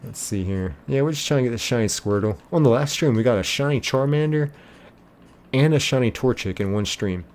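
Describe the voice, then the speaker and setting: A man hosting a live game stream, chatting casually and reading out viewer comments in a relaxed, friendly way. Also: medium pitch, brisk.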